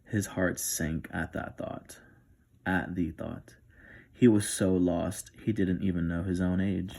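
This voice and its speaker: A man reads a novel aloud in a soft, even ASMR style. His voice is very low and gravelly with plenty of fry. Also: takes it slowly. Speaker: narrator. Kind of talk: ASMR story reading.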